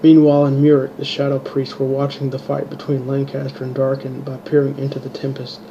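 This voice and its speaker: A man reading his own fantasy story aloud, halting and restarting words, in a dull lo-fi home recording. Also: medium pitch, completely flat delivery, noisy background. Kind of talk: amateur audiobook reading.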